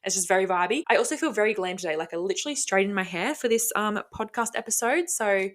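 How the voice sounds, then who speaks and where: A woman's voice: mid-range voice, quick pace, fairly bright tone. A woman hosting a casual solo podcast, rambling bluntly with frequent swearing and lots of enthusiasm. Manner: enthusiastic and self-talking. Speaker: podcast host.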